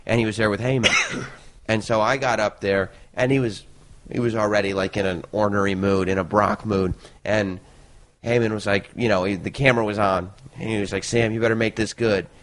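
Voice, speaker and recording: A podcast guest with a somewhat low voice tells stories in an animated, chatty way. He laughs often and jumps between his own voice and the people in his story. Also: brisk, background noise. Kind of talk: casual storytelling.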